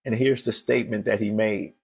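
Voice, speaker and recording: A man's voice: lowish voice, steady tone, fairly quick, gravelly, breathy edge. A man giving an emphatic motivational sermon as host of a daily show, repeating phrases as he builds to fervent calls to action.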